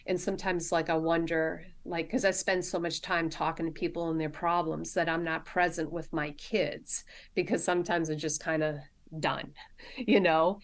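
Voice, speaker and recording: A middle-aged woman, a nurse practitioner, sharing personal stories as a podcast guest in a halting way, full of restarts and fillers. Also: low-pitched, steady tone. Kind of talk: candid personal storytelling in a podcast interview.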